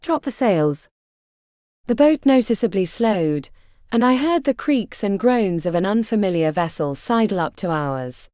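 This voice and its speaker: A woman reading a fantasy romance audiobook as first-person narration, with expressive delivery. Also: mid-range voice, moderate pace, no echo, studio quality. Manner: expressive, varied character voicing.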